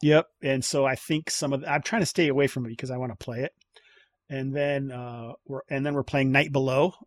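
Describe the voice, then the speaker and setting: A man's voice: medium pitch, fairly even intonation, fairly quick, no echo. Rambling man, dry close sound. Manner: rambling, many fillers and restarts. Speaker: podcast host. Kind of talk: casual chat.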